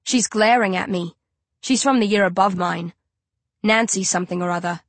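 A woman narrating a first-person audiobook in an even storytelling manner. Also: mid-range voice, normal speed, dry recording.

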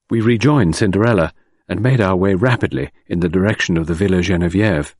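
A man reading an audiobook narration in a measured, expressive way. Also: sits low, no room sound.

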